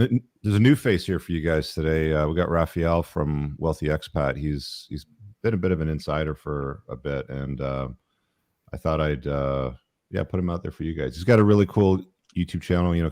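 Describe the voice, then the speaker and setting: A man with a very deep voice hosts a casual panel chat, rambling along with plenty of fillers. The sound is dry and close, with no room in it. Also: a little fast, dry recording. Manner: relaxed, rambling with many fillers. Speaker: show host.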